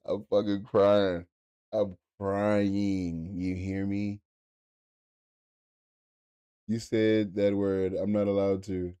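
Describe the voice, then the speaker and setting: A man's voice: lowish voice, flat delivery, extremely slow, pauses often, dark tone, smooth, no room sound, highs cut off. A young man live-streaming, chatting loosely with his chat, swearing and laughing often. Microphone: desk mic.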